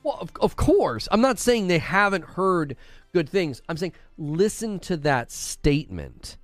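A man on a live stream argues with his chat in a skeptical, argumentative manner, often stumbling over repeated words. His fairly high voice swings up and down with lively energy. Faint music plays behind him. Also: measured pace, dry recording.

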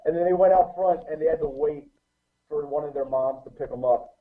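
A man guesting on a podcast, telling a profane, animated anecdote in a casual way. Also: a little high, a little fast, gravelly, heavy background noise. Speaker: guest musician. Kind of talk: casual storytelling. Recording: tinny phone-like line.

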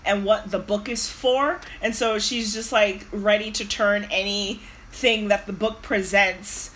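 A woman co-hosting a casual book podcast, chiming in with quick playful commentary. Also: medium pitch, fairly even intonation, fairly bright tone, a little hiss or hum. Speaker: podcast co-host. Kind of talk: casual chat.

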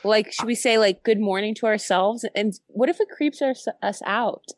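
A woman's voice: mid-range voice, moderate pace, dry recording. Playful woman chatting as a podcast guest. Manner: playful, jokey. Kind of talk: casual chat.

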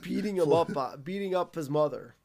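A man's voice: fairly high pitch, fairly quick, vocal fry, mellow. A man co-hosting a podcast in casual chat, recapping an episode with frequent restarts and chuckling asides. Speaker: podcast co-host.

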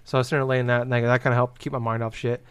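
A man's voice: mid-range voice, flat delivery, quick pace, smooth. A young man in casual chat, telling a rambling story that is full of "like" and swearing. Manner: rambling, heavy use of "like", swears freely.

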